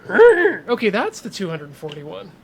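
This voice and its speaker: A man's voice: high voice, animated, normal speed, fairly bright tone, breathy edge. A man streaming a sim racing game, chatting casually, coaching himself and joking with viewers. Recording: game car engine noise underneath. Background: racing game engine and track sounds.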